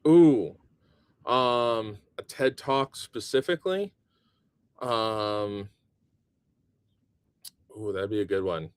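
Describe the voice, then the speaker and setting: A man as a guest in a casual interview, relaxed and thinking aloud with plenty of ums. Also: on the low side, takes it slowly, long pauses, clean tone, no room sound.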